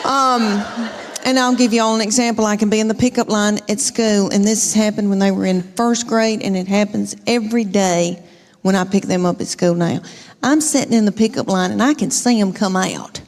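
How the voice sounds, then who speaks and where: This middle-aged woman's mid-range voice moves at a normal pace as she performs chatty, self-mocking stand-up stories onstage, adding folksy asides for the live crowd. It's a live stage recording with long reverb.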